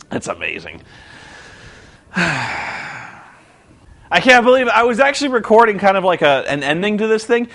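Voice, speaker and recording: Speaking in a high-sitting voice, a man gives a casual, rambling rundown of a wrestling show, lively and loose throughout. He frequently bursts into shouted impressions.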